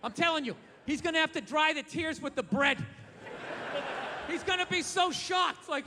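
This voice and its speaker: A man's voice: extremely high pitch, normal speed, big-room sound, crowd noise, noisy background. A man performing a stand-up comedy set on a live stage mic, blunt, profane and ranting with sarcasm.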